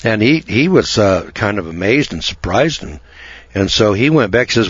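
A man hosting a radio talk hour, holding forth in a folksy, opinionated ramble full of "uh"s and restarts. His voice sits low with a husky edge. The audio is dry and slightly dull, like an older broadcast. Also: sing-song, normal speed, dry recording. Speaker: radio show host.

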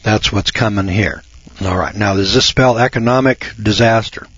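A man's voice: fairly low pitch, moderate pace, fairly bright tone, slightly rough, no echo. Folksy older man on lo-fi radio. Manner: folksy, emphatic, repeats himself, mocks callers in a raised voice. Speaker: radio talk show host. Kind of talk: casual radio monologue. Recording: dull lo-fi dry radio sound.

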